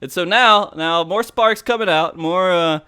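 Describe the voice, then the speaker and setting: A man hosts a gaming podcast and talks through gameplay footage in a lively, joking way that is loose with swear words. His voice sits high and sounds bright and crisp. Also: measured pace. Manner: animated, swearing, laughing, narrating play by play. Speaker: podcast host. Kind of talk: casual commentary over gameplay footage.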